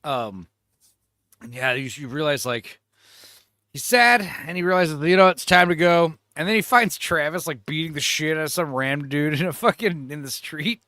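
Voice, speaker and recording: Bright, lively man recapping a film. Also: fairly high pitch, normal speed, no room sound, studio quality. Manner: animated storytelling, laughing often. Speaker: podcast co-host. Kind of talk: casual film chat.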